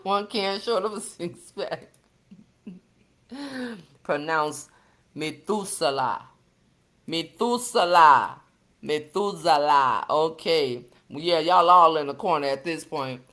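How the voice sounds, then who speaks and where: A woman's voice: sits low, slow, a bit bright. A woman hosting a casual livestream, reading viewer comments in a playful, teasing way and laughing often. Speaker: livestream host.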